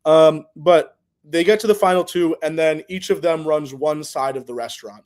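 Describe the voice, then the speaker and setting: Rambling man with a higher voice. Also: normal speed, a little mellow. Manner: rambling, loose explaining full of fillers and casual swearing. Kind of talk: casual podcast chat.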